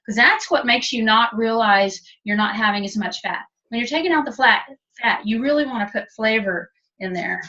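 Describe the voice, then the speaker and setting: A woman's voice: on the high side, normal speed, few pauses, bright, forceful tone. A woman giving a chatty, practical step-by-step cooking demonstration in a kitchen, heard over webinar audio. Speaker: cooking instructor. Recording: distant, dull webinar audio.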